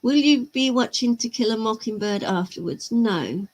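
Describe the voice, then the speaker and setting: A woman hosts a casual miniature-painting livestream, where she laughs easily and responds to chat. Her voice is on the high side and animated, moving at a normal speed.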